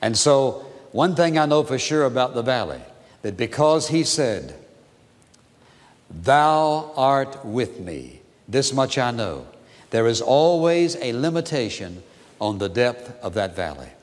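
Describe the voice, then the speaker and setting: A man preaching in an earnest, deliberate way, repeating his phrases and letting key words fall soft and low. His voice sits at an ordinary middle pitch. It carries a long reverb, as if filling a large church sanctuary. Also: big pitch swings. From United States. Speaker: pastor. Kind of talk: sermon.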